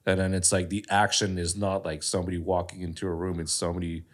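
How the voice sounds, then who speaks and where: A man's voice: low-pitched, little pitch movement, fast. A man co-hosting a podcast in casual chat, joking and laughing often. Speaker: podcast co-host.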